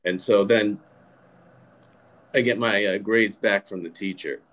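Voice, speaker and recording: A man's voice: lowish voice, fairly even intonation, measured pace, fairly bright tone, rough recording. A man telling a story as a guest on a casual talk show, rambling animatedly with many restarts.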